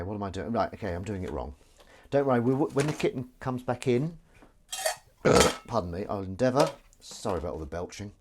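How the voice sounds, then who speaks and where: A man's voice: fairly low pitch, very noisy. A man hosting a live stream from his kitchen sink, rambling jokily and self-aware as he does the washing up. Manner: chatty, self-aware, jokey. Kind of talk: casual rambling monologue. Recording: clattering dishes and cutlery behind.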